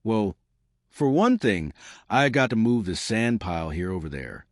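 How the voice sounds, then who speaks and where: A good-natured young Marine private answers politely and earnestly, as a man narrating the story puts him on. His voice is low yet animated, close and dry. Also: a little slow, no room sound. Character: gentle, eager young male Marine private.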